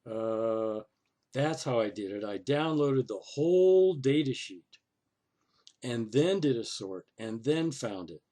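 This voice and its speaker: Narrating a screen-recorded walkthrough, this man speaks slowly in an animated, mellow, medium-pitched voice. His complaints to the city council come out sarcastic and exasperated, and he thinks aloud with plenty of "oh" and "okay".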